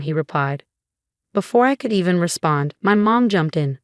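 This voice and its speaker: A woman giving a scripted first-person story narration in a smooth, steady reading voice. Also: fairly low pitch, normal speed, dry recording, clean studio sound.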